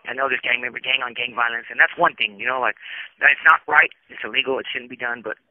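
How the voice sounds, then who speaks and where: A man talks quickly over a thin, tinny prison phone line, and his voice sounds dry and close. He tells his story candidly, rambling, restarting often and slipping into the voices of the people he quotes. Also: mid-range voice, fairly even intonation, no echo. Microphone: telephone.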